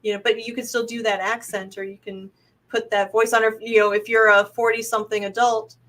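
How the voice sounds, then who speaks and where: A woman casting director co-hosting a podcast, giving relaxed advice with easy fillers and laughs. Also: fairly high pitch, a little fast. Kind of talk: casual podcast chat.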